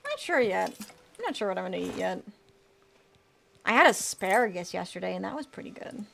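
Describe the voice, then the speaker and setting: A VTuber with a mid-range, creaky, a bit bright voice talks a little fast, her pitch swinging widely, over slight background noise. She gives casual live-stream commentary on her game, reads out and answers chat, and swears now and then.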